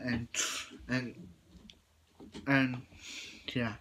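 A man's voice: medium pitch, measured pace, fairly bright tone, a little hiss or hum. A man casually recapping a TV episode, rambling with many restarts and "he's like" retellings. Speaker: TV episode reviewer.

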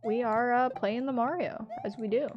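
A woman streaming a platform game, chatting with her viewers, laughing a lot and yelling loudly when she fails. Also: a little high, fairly even intonation, moderate pace, lo-fi sound, music in the background. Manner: chatty, laughs often, bursts into loud yells at failures. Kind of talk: casual live-stream commentary.

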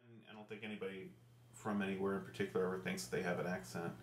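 A man's voice: low-pitched, flat delivery, rapid-fire, echoey room. Rambling man with a Central Ohio accent. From Ohio, USA. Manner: hesitant, rambling, many fillers. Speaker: video blogger. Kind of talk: casual rambling vlog. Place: room at home in front of computer.

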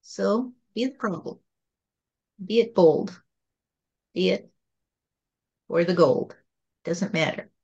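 A woman channeling God as a calm, patient spirit, speaking in a gentle, repetitive teaching tone. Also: fairly low pitch, slow, pauses often, slightly rough, dull audio, exaggerated voice.

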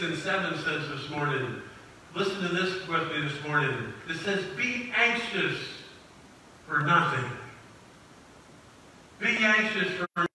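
A pastor preaching a sermon, who slows down to stress the scripture he quotes and keeps returning to the refrains "this morning" and "church.". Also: sits high, sharp tone, heavy reverb, recorded from a distance, a little hiss or hum, poor audio. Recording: phone livestream from a church sanctuary.

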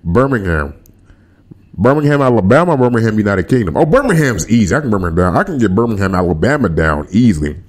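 A man's voice: on the low side, brisk. A man hosting a podcast livestream, chatting casually with his viewers in slang. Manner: animated, slangy, talks to chat. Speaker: podcast host.

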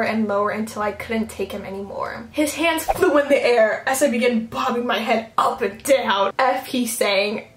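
A young woman reads fan fiction aloud in a slightly high voice, stopping often for giggly, mock-horrified remarks. The room sounds echoey, with a faint hiss under her voice. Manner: giggly, mock-outraged asides between read passages. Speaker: YouTuber. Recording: roomy echo, faint background noise.

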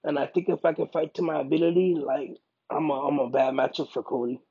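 A man, a professional fighter, speaking in a casual interview, emphatic and animated, often repeating himself for emphasis. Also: a little high, fairly quick, husky, muffled recording. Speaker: MMA fighter.

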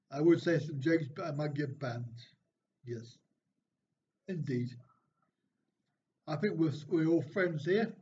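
Man, live-stream host, reads chat jokes aloud, dry self-mocking replies, slightly high voice, muffled sound. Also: slow pace, long pauses, a little mellow. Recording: dull, slightly lo-fi stream audio with faint noise.

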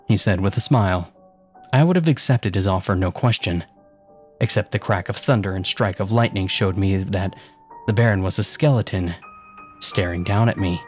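A man's voice: lowish voice, moderate pace, slightly rough, faint music behind. A man narrating a first-person horror story with a casual, sarcastic tone.

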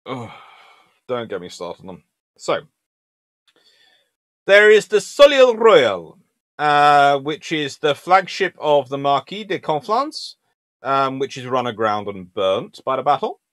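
A man speaking a little slowly in a medium pitch, with no echo, hosts an informal history stream. In a lively, chatty way he reads out ships in a sing-song list and talks with viewers, answering the chat.

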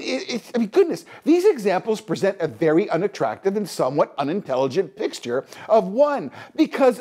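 A man's voice: high-pitched, darkish tone. A middle-aged man from Canada hosting a podcast, delivering a scolding, exasperated opinion monologue. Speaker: podcast host.

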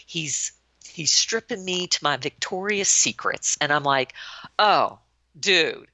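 A retired U.S. army colonel in her sixties tells anecdotes in a podcast interview, speaking slowly in a deep voice and acting out the quoted lines like a lively storyteller. The recording is dull, lo-fi and dry, with no room sound.

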